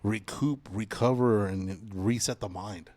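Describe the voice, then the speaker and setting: Profane, animated man in his forties. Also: fairly low pitch, a little slow, no echo. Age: 40s. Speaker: podcast host. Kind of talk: casual chat.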